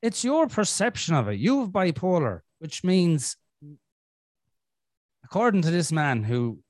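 A man's voice: a little high, very animated, unhurried, a little mellow, no echo, clean studio sound. An Irish man hosting a podcast, talking bluntly with lots of swearing and jokes, and acting out his own inner voice. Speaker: podcast host. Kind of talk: casual podcast chat.

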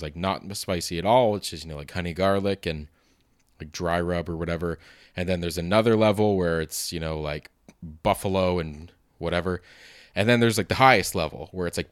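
A man's voice: low-pitched, no room sound, clean studio sound. A man with a sore throat, rambling casually through a self-deprecating monologue and swearing freely. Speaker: vlogger.

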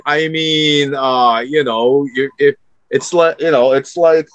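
A man co-hosting a casual sports podcast, giving jokey and animated opinions. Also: on the high side, slow, no room sound. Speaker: podcast co-host.

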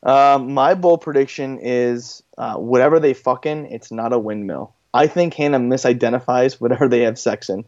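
A man's voice: mid-range voice, moderate pace, few pauses, a little mellow, no room sound, dull audio. A man co-hosting a casual podcast, joking wryly and swearing offhand. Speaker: podcast co-host. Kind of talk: casual chat.

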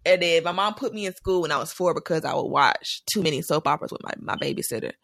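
A young woman in casual chat, telling animated stories and laughing often. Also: sits low, fast talker, gravelly.

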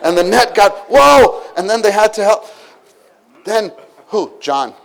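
A man preaching a sermon, retelling a story with lively acted-out exclamations and asides to the listeners. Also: sits high, a little slow. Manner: animated storytelling, acts out scenes with exclamations.

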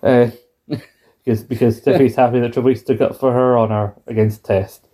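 A man's voice: medium pitch, level tone, fairly quick, warm tone. A man co-hosting a casual review chat, joking and acting out quoted lines in silly voices. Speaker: podcast co-host.

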